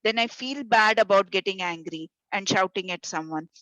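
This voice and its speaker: A woman's voice: medium pitch, normal speed, fairly bright tone, no echo. A woman facilitator giving a workshop talk to volunteers over a video call, chatty and full of retold stories. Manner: conversational, with fillers and retold stories. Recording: dull dry video call audio.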